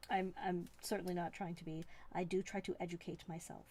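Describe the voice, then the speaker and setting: A woman's voice: lowish voice, level tone, brisk, darkish tone. Rambling, playful woman live-streaming. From Canada. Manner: rambling, playful, self-mocking. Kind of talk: casual live-stream chat.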